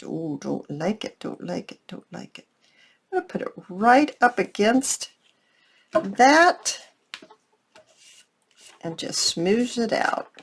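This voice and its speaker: A woman hosting a casual craft tutorial, chatting to her viewers as she works and teasing herself along the way. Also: fairly low pitch. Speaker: crafting channel host.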